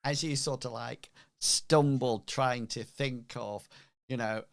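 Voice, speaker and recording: Unhurried halting game master man. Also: mid-range voice, steady tone, creaky, no echo, clean studio sound. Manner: halting, many ums, unhurried. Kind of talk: narrating a tabletop game.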